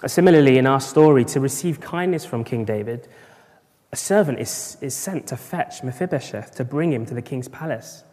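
A man's voice: mid-range voice, expressive, moderate pace, a little mellow. A man preaching a sermon at a morning church service, rhetorical, with bursts of emphasis. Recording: long reverb of a large church hall.

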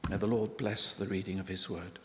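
A man reading a Bible passage aloud in church in a measured, solemn way. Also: low voice, level tone, slight background noise. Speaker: scripture reader. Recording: reverberant church hall.

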